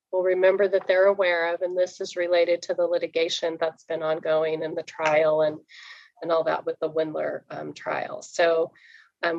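Brisk woman presenting a budget report. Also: fairly low pitch, a little mellow, no room sound, highs cut off. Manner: brisk and explanatory, with frequent fillers. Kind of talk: public board meeting presentation.

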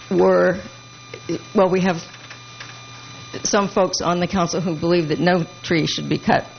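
A woman council member giving a halting report at a public meeting, with many fillers and restarts. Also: on the low side, vocal fry. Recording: muffled meeting room audio with hum.

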